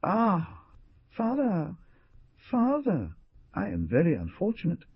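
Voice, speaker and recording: A male reader pitching up into a grieving young frontier girl from a storybook, hesitant and pleading, her voice climbing and falling as she speaks. The sound is husky and muffled, with no room echo. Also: wildly swooping pitch, takes it slowly, full character voice. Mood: sorrowful. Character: sad young woman, gentle daughter.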